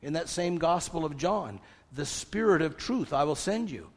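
An older man preaching a sermon, lively, asking rhetorical questions and quoting scripture. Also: a little high, moderate pace. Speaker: pastor. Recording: long hall reverb.

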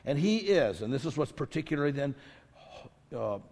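Speaking at a normal pace, the pastor has a medium-pitched, sing-song voice with vocal fry and a slightly mellow quality. He delivers an emphatic, repetitive sermon that swells in intensity as it reaches each point. The recording, made in a church sanctuary, has the long reverb of a big hall.

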